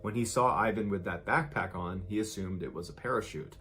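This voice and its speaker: A man's voice: lowish voice, a little fast, a bit bright. Man dramatically narrating true stories. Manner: vivid, dramatic storytelling. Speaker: storyteller. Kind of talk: scripted story narration.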